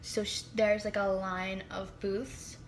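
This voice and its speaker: A teenage girl chats through a storytime vlog, her mid-pitched voice quick with fillers and sudden whispered asides. Faint background hiss sits under her phone recording. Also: level tone. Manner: chatty, heavy use of "like", dramatic asides and whispered comments. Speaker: vlogger.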